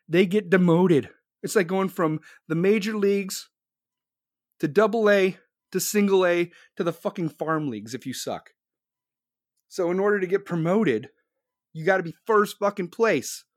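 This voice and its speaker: Male streamer, profane and rambling; fairly high voice, close and dry. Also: no room sound. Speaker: livestream host. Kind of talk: casual livestream chat.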